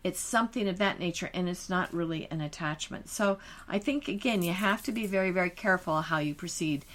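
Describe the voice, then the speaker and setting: A woman's voice: fairly low pitch, fairly quick, a bit bright. A woman co-hosting a podcast, a hypnotherapist chatting about her sessions in a confident, breezy and emphatic way. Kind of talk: casual podcast chat.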